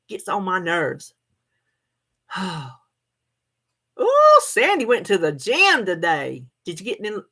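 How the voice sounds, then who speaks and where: A woman's voice: medium pitch, fairly bright tone. A middle-aged woman, chatting casually with her viewers and laughing often as she answers their comments. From United States. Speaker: livestream host.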